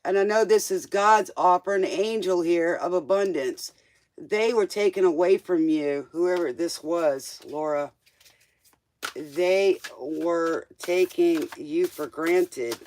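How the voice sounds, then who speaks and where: A man's voice: high-pitched, slow, darkish tone. A man doing a live-stream tarot reading, casual and joking, talking straight to the viewer in loose, slangy speech. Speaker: tarot reader.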